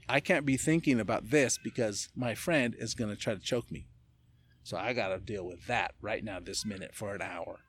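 A man guest on a podcast, talking in a casual chat, telling animated stories with laughs and casual swearing. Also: on the low side. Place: indoors, casual setting with a beer.

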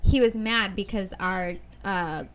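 A young woman co-hosting a casual podcast, telling a work story with lively acted-out quotes and frequent laughs. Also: medium pitch, slow pace, a little hiss or hum. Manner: animated storyteller, acts out quotes, swears, laughs often. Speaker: podcast co-host.

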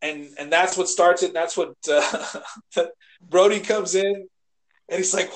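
A man co-hosting a casual podcast, rambling and animated, swearing and acting out quotes as he retells scenes. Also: high-pitched, unhurried. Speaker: podcast co-host. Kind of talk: casual chat.

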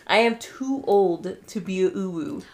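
A woman's voice: medium pitch, a little slow. A woman co-hosting a podcast in casual chat, blunt and swearing freely. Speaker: podcast co-host.

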